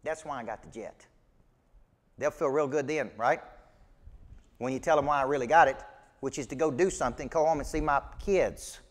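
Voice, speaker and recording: A man's voice: mid-range voice, normal speed, pauses often, big-room sound. A man with a Southern US accent, coaching a live seminar audience in an emphatic, folksy way full of rhetorical questions. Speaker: business coach. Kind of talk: motivational seminar teaching.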